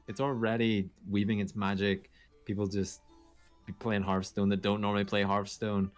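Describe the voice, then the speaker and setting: A man's voice: lowish voice, flat delivery, moderate pace, soft background music. A man hosting a casual gaming podcast, teasing his co-hosts with mock-dramatic build-ups. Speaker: podcast host. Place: home studio, streaming live.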